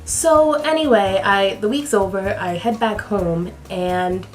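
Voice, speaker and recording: A woman vlogger telling a storytime with animated, chatty delivery, full of fillers, acting out the people in it. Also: mid-range voice, slow pace, soft background music. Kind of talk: storytime vlog.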